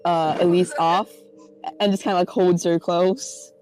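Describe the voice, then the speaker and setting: A woman playing a tabletop game, easygoing and quick to giggle. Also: fairly low pitch, steady tone, music in the background, poor audio. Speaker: player. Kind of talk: tabletop role-play chat.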